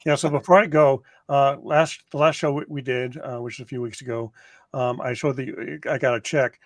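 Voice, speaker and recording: A man, the show's producer, calmly explaining things in casual podcast chat. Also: mid-range voice, moderate pace, no room sound. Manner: matter-of-fact, explaining. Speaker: producer and director.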